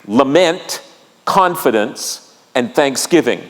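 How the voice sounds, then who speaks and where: A man's voice: mid-range voice, animated, slow. A man preaching a sermon as pastor, earnest and repetitive, asking the congregation questions and stressing key lines. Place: church sanctuary. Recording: church hall reverb.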